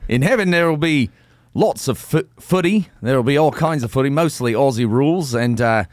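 A man's voice: mid-range voice, expressive, normal speed, no room sound, lightly acted. A man putting on a cheery Australian footy-loving bloke with mock slang that drifts toward cockney.

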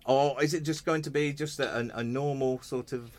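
A man's voice: medium pitch, normal speed. A man hosting a hospital radio show, chatting casually and joking with his guests in the studio. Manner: chatty, jokey, lively. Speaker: radio host.

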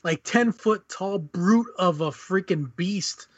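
A man's voice: sits high, slow pace, husky, no echo. A man co-hosting a podcast, explaining his point in a casual, hesitant way with frequent restarts. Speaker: podcast co-host. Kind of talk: casual discussion. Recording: dry, muffled lo-fi mic.

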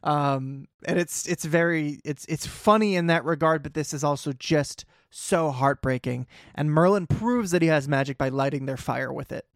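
A man's voice: on the high side, normal speed, few pauses, dry recording, studio quality. A man co-hosting a casual podcast, animatedly recapping an episode and reading quotes aloud. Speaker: podcast co-host.

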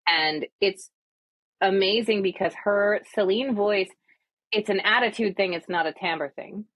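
A woman co-hosting a podcast and chatting casually about a book, talkative and animated. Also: mid-range voice, unhurried, slightly rough, no echo, muffled recording. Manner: chatty, animated, frequent agreeing fillers. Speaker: podcast co-host, audiobook narrator. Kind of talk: casual chat.

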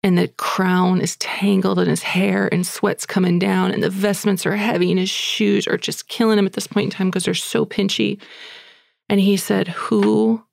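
A woman's voice: mid-range voice, creaky, no echo, clean studio sound. A woman hosting a podcast who retells a story in a chatty, breathless way, with fillers like "like" and "you know". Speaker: podcast host. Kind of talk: casual storytelling.

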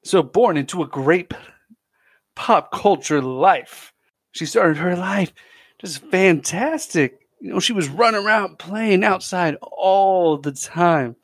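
An enthusiastic man hosts his podcast in a chatty solo monologue. His voice sits a little high for a man and often trips into restarts. The sound is close and dry, with no room echo. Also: lively intonation, takes it slowly. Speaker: podcast host.

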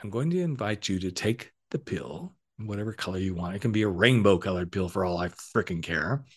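A man's voice: low voice, expressive, fairly quick, slightly rough. Upbeat, cheeky middle-aged man. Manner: playful, upbeat, cheeky asides. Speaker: podcast host and coach. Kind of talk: casual motivational monologue.

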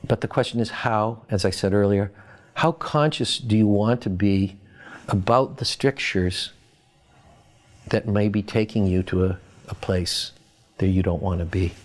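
Thoughtful man, slow measured speech. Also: fairly low pitch. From Boston. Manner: measured, thoughtful, pauses and restarts. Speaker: academic guest. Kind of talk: reflective interview answers.

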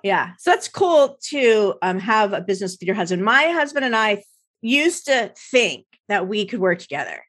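Woman host at a middle pitch, friendly and chatty, who laughs a lot while steering the interview. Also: very animated, normal speed, fairly bright tone. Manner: friendly, laughs often, prompts with questions. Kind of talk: casual interview chat.

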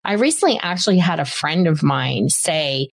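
A woman's voice: deep voice, lively intonation, moderate pace, gravelly. A middle-aged woman, a doctor and host, giving casual parenting advice with emphatic repeated words for stress. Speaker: podcast host and child behavior doctor.

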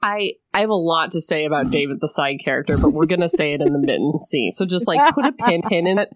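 A woman's voice: deep voice, lively intonation, quick pace, no echo, clean studio sound. A woman co-hosting a podcast, recapping a movie in casual chat, swearing, laughing and mimicking characters. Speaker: podcast co-host.

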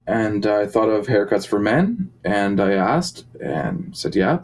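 A man's voice: lowish voice, big pitch swings, takes it slowly, poor audio. A man talking casually as a musician guest in an interview, rambling with many fillers and restarts. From Canada.

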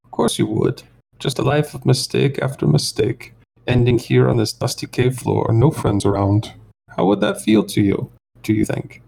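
A man voicing a gray, insect-like male alien bounty hunter with a high, whining voice, taunting his quarry. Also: expressive, normal speed, vocal fry, a little mellow, a little hiss or hum. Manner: smug, needling taunts.

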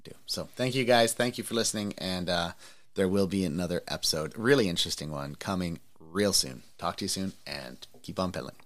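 A man with a very low voice talks loosely and casually as a podcast host. He rambles, stops and restarts, and reaches for words with plenty of fillers. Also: fairly quick. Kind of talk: casual interview chat.

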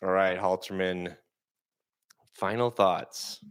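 A man's voice: low-pitched, fairly even intonation, slow pace, clear, resonant tone. A man hosting a casual podcast, laid-back and often restarting his sentences. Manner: laid-back, repeats words as he starts sentences. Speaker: podcast host. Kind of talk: casual chat.

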